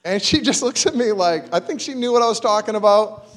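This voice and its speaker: High-voiced man telling a testimony. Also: a little fast, soft background music. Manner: animated storytelling with acted-out quotes. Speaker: church speaker giving a testimony. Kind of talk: storytelling sermon.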